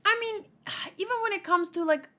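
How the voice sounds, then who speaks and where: A woman's voice: very high voice, normal speed, pushed and bright. A woman hosting a manga read-along, reading a comic aloud and adding emotional, rambling commentary.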